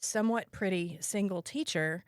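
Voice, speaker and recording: A woman's voice: medium pitch, moderate pace, no room sound. Podcast host lady, wry and candid, dry close mic, mid-range voice. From Mississippi, US. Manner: candid, wry storytelling with laughs. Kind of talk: casual storytelling chat.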